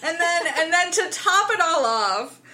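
A woman co-hosting a casual book podcast, animated and acting out characters as she retells scenes. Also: extremely high pitch, a little slow. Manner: animated, acts out characters in quotes. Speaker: podcast co-host. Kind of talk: casual book discussion chat.

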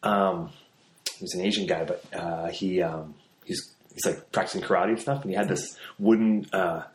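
A man in casual chat, quick and loose, swearing and laughing often. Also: sits low, steady tone. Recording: echoey room, faint noise.

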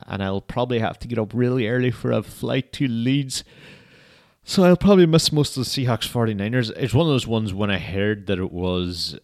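Sweary laid-back male podcast host. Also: fairly low pitch. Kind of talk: casual solo chat.

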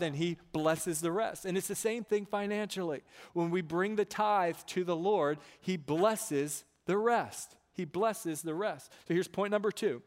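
A man preaching a sermon as a pastor, emphatic and given to repeating words and asking "right?" of his listeners. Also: high voice.

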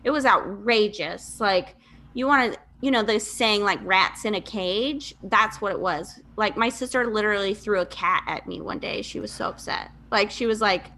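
A woman's voice: medium pitch, moderate pace, bright, forceful tone. A woman in her thirties from Michigan, a podcast guest telling her life story candidly in casual, chatty talk with fillers and laughs. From Michigan, USA.

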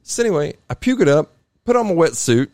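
A man telling a long story on a podcast in a casual, animated way, acting out other people's voices. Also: fairly high pitch, quick pace, no echo. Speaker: podcast guest.

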